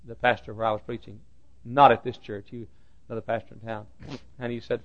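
A man preaching a sermon, repeating phrases for emphasis and swinging from loud outbursts to hushed lines. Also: on the low side, little pitch movement, brisk. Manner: swings between loud shouted lines and hushed quiet ones; repeats phrases for emphasis, acts out quoted dialogue. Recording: dull lo-fi recording.

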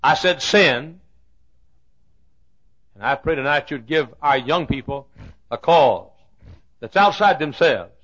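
A man preaching a sermon, telling a Bible story with dramatic swings from loud declarations to hushed asides. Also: on the high side, animated, takes it slowly, long pauses, highs cut off. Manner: acts out the Bible characters' lines.

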